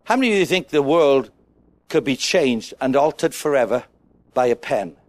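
A man preaching a sermon to a congregation, animated and asking them questions. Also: mid-range voice, normal speed. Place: church with a congregation.

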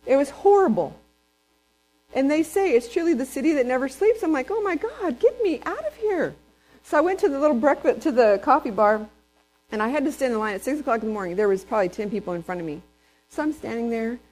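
A woman from Texas, preaching a sermon in a lively storytelling way and asking the congregation questions. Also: on the high side, fast, poor audio. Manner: lively storyteller who acts out quotes and asks the congregation questions.

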